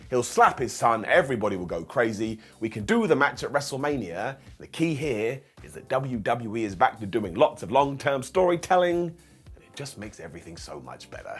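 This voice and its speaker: A man's voice: mid-range voice, breathy edge. A man reviewing a wrestling show in a casual, sarcastic recap, acting out quotes in funny voices.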